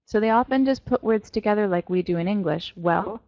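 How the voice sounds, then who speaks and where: A woman teaching an online French class to young students, playful and animated as she explains pronunciation. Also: medium pitch, quick pace, highs cut off. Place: virtual world classroom.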